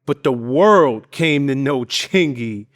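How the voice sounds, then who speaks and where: A man's voice: medium pitch, animated, takes it slowly, no room sound, clean studio sound. A male interviewer asking questions casually and piling several questions together. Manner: conversational, stacks up questions.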